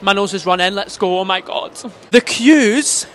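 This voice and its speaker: A man who performs as a drag queen, vlogging casually to a handheld phone camera, chatty and excitable and full of "literally" and "um". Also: sits high, fast talker, slight background noise.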